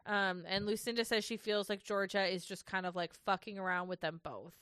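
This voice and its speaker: Bright-voiced ranting woman podcaster. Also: mid-range voice, steady tone, brisk, clean tone, dry recording, studio quality. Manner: ranting, swears a lot, laughs often. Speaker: podcast co-host. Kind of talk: casual recap chat.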